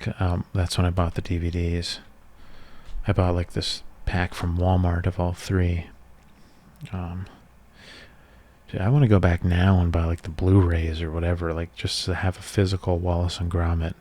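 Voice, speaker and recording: A deep-voiced man in his thirties, talking in a soft-spoken ASMR style. He rambles casually and nostalgically, with a low, easygoing voice. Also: little pitch movement, normal speed. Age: 30s. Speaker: ASMR creator.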